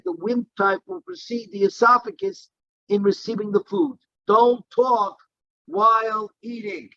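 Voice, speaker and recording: A man's voice: very high-pitched, sharp tone, dry recording, dull audio. A man teaching a daily Talmud class, reading Aramaic text in a singsong and explaining it in English. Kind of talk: Talmud lesson, reading and translating.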